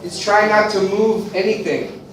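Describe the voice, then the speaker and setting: An American man from the eastern United States, teaching an English class and drilling words slowly with repetition. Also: high voice, fairly even intonation, slight background noise. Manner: slow, deliberate drilling with repetition. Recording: echoey classroom from far off.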